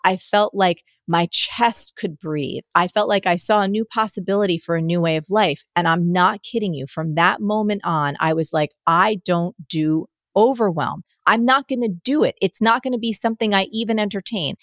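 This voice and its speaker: A middle-aged woman, a guest on an interview podcast, telling stories in an energetic, animated way. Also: medium pitch, normal speed, hardly any pauses, dry recording.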